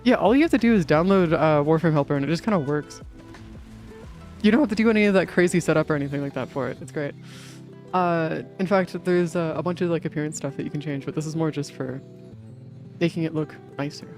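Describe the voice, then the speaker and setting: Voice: mid-range voice, quick pace, darkish tone, soft background music. A live streamer chatting casually with friends and viewers while playing, rambling through lots of fillers and casual swearing. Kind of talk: casual gaming stream chat.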